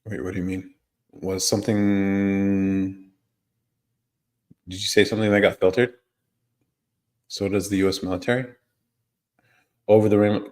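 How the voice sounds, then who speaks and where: A man's voice: sits low, a little mellow. A man hosting a live stream, chatting casually with viewers, reading their comments and chuckling often. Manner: laid-back, chuckles often, trails off. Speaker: livestream host.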